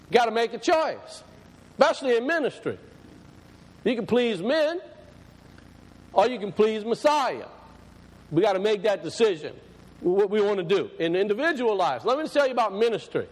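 A man delivers a sermon in a high, light voice. He talks in a conversational way and repeats phrases to drive them home. When he reads scripture he slows down and lifts his voice, and a long reverb from the hall trails behind him. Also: big pitch swings. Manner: slows and rises when reading scripture aloud. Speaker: preacher.

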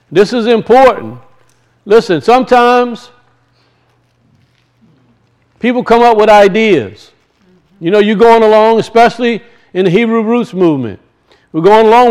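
A man's voice: high-pitched, a little mellow, clean tone. A man teaching the weekly Torah portion as a sermon, earnest and repeating key phrases for his listeners. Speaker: Bible teacher.

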